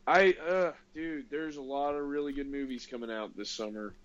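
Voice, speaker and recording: A man co-hosting a podcast, chatting in an excitable, animated, incredulous way. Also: mid-range voice, moderate pace, highs cut off. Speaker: podcast co-host. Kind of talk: casual chat.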